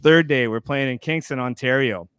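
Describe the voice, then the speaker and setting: A man's voice: mid-range voice, moderate pace, a bit bright, clear, resonant tone, no echo. A man from Canada co-hosting a podcast, telling a rambling story and acting out the quoted lines. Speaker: podcast co-host. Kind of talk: casual storytelling.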